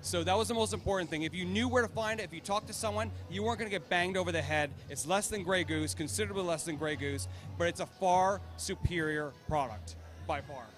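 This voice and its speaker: Man, high voice, vodka founder, casual interview, laughs often, repeats words. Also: fast talker, fairly bright tone, soft background music. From United States.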